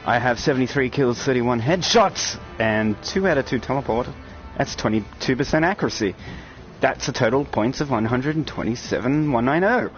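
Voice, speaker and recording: A man giving excited live-stream commentary on a VR shooter, chatting with viewers and breaking into loud outbursts. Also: mid-range voice, moderate pace. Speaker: VR game streamer. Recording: dull lo-fi stream audio with game music and gunfire. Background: game music and gunfire.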